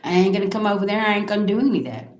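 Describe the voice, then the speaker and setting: A woman's voice: medium pitch, expressive, racing, roomy sound. A woman, giving a blunt, profane psychic reading on a live stream and talking straight to viewers. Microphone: own microphone.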